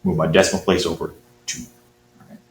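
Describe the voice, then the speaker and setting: A man's voice: deep voice, flat delivery, fairly quick. A man teaching math, thinking aloud as he works through a quiz problem and encouraging his students. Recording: roomy with faint hum.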